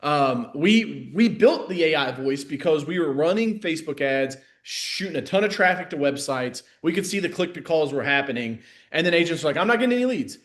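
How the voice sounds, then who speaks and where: Animated man, casual coaching talk. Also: moderate pace, few pauses. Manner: animated, filler-heavy, swings between loud bursts and low asides. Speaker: sales coach. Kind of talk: casual live masterclass talk.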